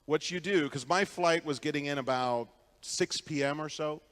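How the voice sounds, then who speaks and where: A man's voice: a little high, normal speed, a bit bright, clean tone, in a large hall. A man giving a conference keynote, telling stories in a conversational way and putting questions to the audience. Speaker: keynote speaker. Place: conference hall.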